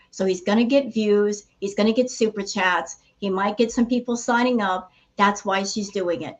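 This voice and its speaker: A woman's voice: fairly high pitch, lo-fi sound. Female panelist, casual commentary, punchy and emphatic, asks pointed rhetorical questions.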